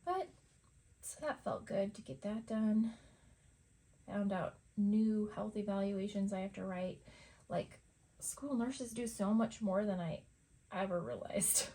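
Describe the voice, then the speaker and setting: A woman's voice: mid-range voice, steady tone, slow pace, long pauses, warm tone. A middle-aged woman at home, chatting casually and rambling while she paints, laughing often. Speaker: art vlogger. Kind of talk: casual chat over painting.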